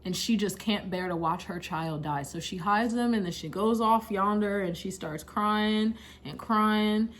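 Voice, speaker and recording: A woman's voice: mid-range voice, measured pace, hardly any pauses. A young woman casually retelling a Bible story in a slangy, chatty way, laughing often. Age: young adult. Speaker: Bible study vlogger. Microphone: camera mic.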